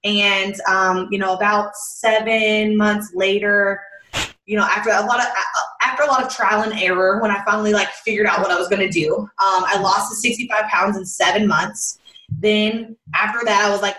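A woman's voice: medium pitch, fairly even intonation, moderate pace, sharp tone. A woman guest casually telling her story on a podcast, chatty and full of "like". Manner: chatty, peppered with "like" and laughs. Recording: roomy, distant from the mic.

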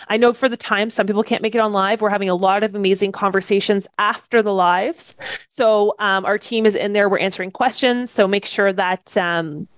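A woman runs a live online training session for aspiring fitness coaches, talking to her camera. She sounds eager and keeps checking in with her listeners. Her voice sits in a middle pitch, and the recording is dry and close. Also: dry recording. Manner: enthusiastic, checks in often with "okay?" and "right?". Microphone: webcam setup.

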